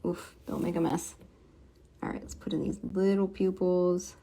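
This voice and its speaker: A young woman streaming as she draws comics, chatting casually, reading viewer comments aloud and muttering softly to herself as she works. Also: lowish voice, little pitch movement, moderate pace. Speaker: comic book artist streaming a drawing session. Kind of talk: casual livestream chat while drawing.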